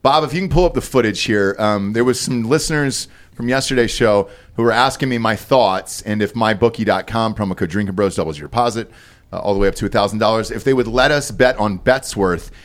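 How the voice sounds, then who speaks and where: A man's voice: on the low side, brisk. A man hosting a podcast, teasing his guests with crude, profane jokes. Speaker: podcast host. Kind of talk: crude comedic banter.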